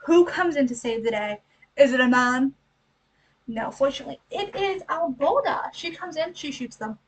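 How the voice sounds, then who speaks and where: High-voiced woman chatting through a book recap. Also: lively intonation, distant mic, rough recording. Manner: chatty, rhetorical questions, acts out lines in quick asides. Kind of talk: casual book recap and analysis.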